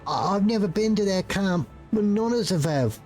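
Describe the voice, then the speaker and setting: A man's voice: sits high, lively intonation, moderate pace, a little mellow, soft background music, voice pushed up. A man voicing a terrified young male peasant rebel, speaking in a put-on British accent with urgent, pleading delivery. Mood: defiant. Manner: urgent, pleading, breathless storytelling.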